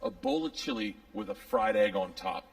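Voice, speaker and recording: A man's voice: on the low side, wildly swooping pitch, normal speed, vocal fry, distant mic, poor audio. A man in his forties doing brash, profane stand-up storytelling on stage. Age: 40s. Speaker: stand-up comedian.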